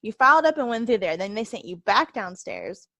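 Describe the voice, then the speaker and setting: A woman's voice: medium pitch, very animated, brisk, vocal fry, sharp tone, no echo. A woman co-hosting a podcast in casual chat, recounting events in a rambling way, quoting herself and laughing often. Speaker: podcast co-host.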